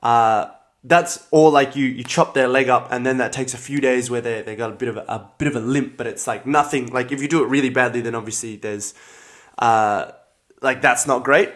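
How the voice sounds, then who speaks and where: A man's voice: medium pitch, normal speed, a bit bright. A young Australian man hosting a casual livestream, talking loosely with frequent laughs and greeting viewers by name. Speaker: livestream host, combat sports athlete. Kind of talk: casual livestream chat reading comments.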